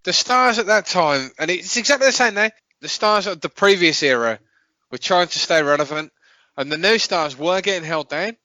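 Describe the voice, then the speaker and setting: Blunt, opinionated man, bright voice. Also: sits high, expressive, normal speed, no room sound, low-quality recording. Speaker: podcast co-host. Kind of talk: casual podcast chat.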